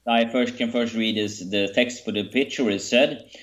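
A man co-hosting a Bible study discussion, speaking haltingly and restarting words as he searches for phrasing. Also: mid-range voice, steady tone. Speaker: co-host of a Bible study show. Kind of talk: casual discussion.

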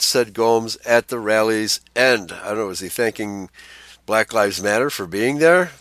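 A man's voice: on the low side, a little slow, a bit bright, no echo. A pastor reading an article aloud, breaking in with blunt asides of his own. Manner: reads out text, then breaks in with blunt asides.

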